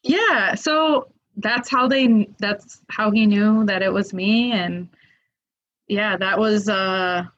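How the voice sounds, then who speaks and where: A woman telling a story in a casual, lively way, with lots of fillers, acting out what people said. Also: mid-range voice, takes it slowly. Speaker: guest. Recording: muffled lo-fi audio.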